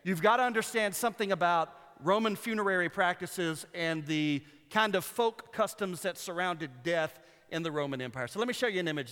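A man preaches in a church, earnest and rhythmic, circling back to phrases for weight. His voice sits a little high and rings bright. It trails off into a long echo through the sanctuary. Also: smooth. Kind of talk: sermon. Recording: long hall reverb.

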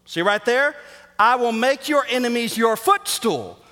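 A man preaching a sermon as pastor, energetic and jokey, sometimes rising almost to a shout for emphasis. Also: very high-pitched, a little slow. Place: church sanctuary. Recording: reverberant hall.

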